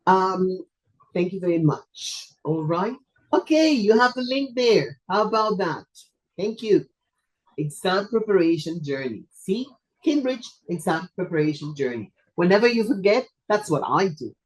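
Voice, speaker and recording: A webinar presenter for teachers, hoarse and coughing, talking casually and playfully on a video call, joking at their own expense. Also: medium pitch, animated, unhurried, poor audio. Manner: chatty, playful and self-deprecating. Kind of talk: casual online webinar wrap-up. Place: video call from a home or office. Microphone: computer mic on a video call.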